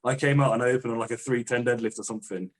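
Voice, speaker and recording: A young man, a powerlifter guest on a podcast, telling rapid, sweary anecdotes in casual chat. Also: medium pitch, steady tone. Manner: fast, swearing, laughing anecdotes.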